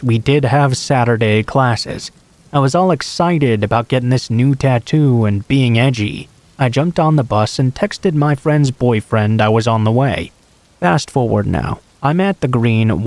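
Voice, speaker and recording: A man narrating a true horror story in the first person, in a measured, earnest read. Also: mid-range voice, darkish tone, no room sound.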